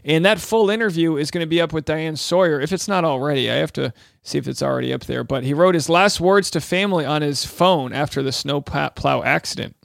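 A man's voice: on the high side, fairly quick, gravelly, dry recording, studio quality. A man hosting a casual news podcast, chatty and upbeat, who laughs easily. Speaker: podcast host and stand-up comic.

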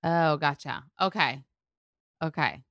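A woman's voice: low voice, takes it slowly, a bit bright, dry recording, clean studio sound. A woman hosting a podcast, asking questions with enthusiastic, gushing fan energy. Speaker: podcast host. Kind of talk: casual podcast interview.

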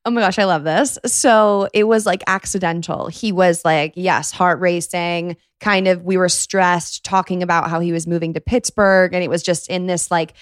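A woman's voice: lowish voice, fairly even intonation, moderate pace, few pauses, smooth, dry recording. Enthusiastic woman podcast host, dry sound. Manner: enthusiastic, laughs easily. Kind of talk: casual podcast conversation, ad read.

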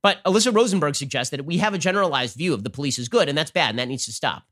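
Guy host doing political commentary, rattles off super fast, voice jumps all over, kinda high. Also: animated, fairly bright tone. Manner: rapid-fire, sarcastic, combative. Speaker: show host.

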